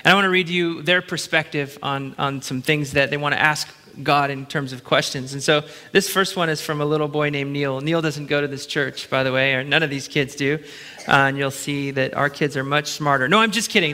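A man's voice: on the high side, brisk, pushed and bright. A middle-aged man preaching as pastor in a large church, chatty and playful, breaking into short laughs. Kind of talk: sermon. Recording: long church hall reverb.

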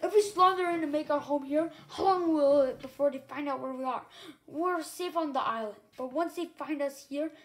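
A woman's voice: high voice, moderate pace. A woman doing a growling male dragon. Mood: warning. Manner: growling, warning.

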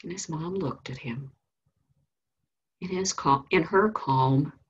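A woman teaching Sunday school, telling a story in an animated, storytelling way. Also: low-pitched, takes it slowly, husky, muffled recording. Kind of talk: storytelling lesson.

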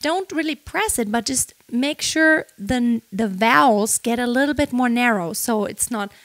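A young woman singing teacher who talks through vocal technique and breaks into brief sung demonstrations. Her voice sits high and bright, and she takes her time. The sound is dry and close, with a little music underneath. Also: animated, a little slow, no echo. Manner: explains technique, then sings short phrases to demonstrate.

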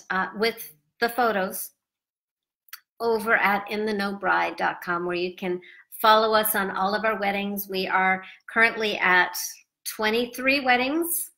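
A woman's voice: medium pitch, sharp tone. A woman talking casually in a travel vlog, chatty and rambling with many fillers, tired and sleepy. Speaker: travel vlogger.

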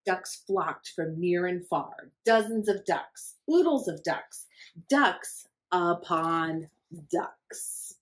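Slow-reading woman at children's storytime. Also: fairly low pitch, animated, rough recording. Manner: slow, deliberate reading with hushed questions to young listeners. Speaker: library storytime reader. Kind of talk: reading a picture book aloud to children.

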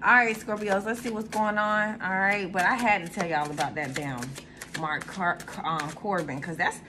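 A young woman hosting her own channel in casual, animated chat, swearing freely and jumping to sudden high squeals. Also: normal speed, background noise. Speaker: tarot reader and channel host.

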